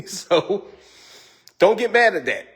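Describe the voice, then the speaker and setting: Very animated yet slow-paced, a man with a high, somewhat bright voice hosts a laid-back cooking livestream. He jokes around, laughs a lot and calls his viewers "y'all" as he talks to them.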